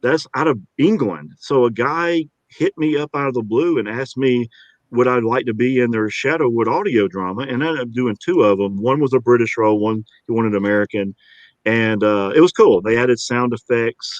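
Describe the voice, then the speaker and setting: A man's voice: medium pitch, moderate pace, dry recording, lo-fi sound. A man with a Georgia accent, an easygoing and chatty voice actor being interviewed. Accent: Georgia, US South. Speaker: voice actor guest. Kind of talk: casual interview talk.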